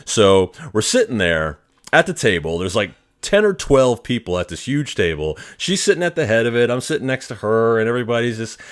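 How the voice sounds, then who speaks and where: A male podcast host casually tells a long personal story, swearing and chuckling throughout as an animated, profane storyteller. His mid-range voice moves a little fast.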